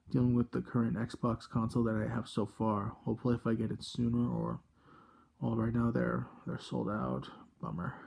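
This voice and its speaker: A man in his twenties hosting a casual gadget review vlog from a room at home, rambling and halting, with constant self-corrections. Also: medium pitch, creaky, dark tone. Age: 20s. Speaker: channel host.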